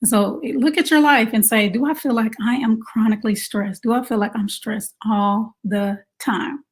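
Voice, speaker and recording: A woman coaching mothers in a casual advice talk, conversational and animated, asking rhetorical questions. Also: a little high, moderate pace. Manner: animated, acts out quoted moms in exaggerated voices. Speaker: self-care coach for mothers.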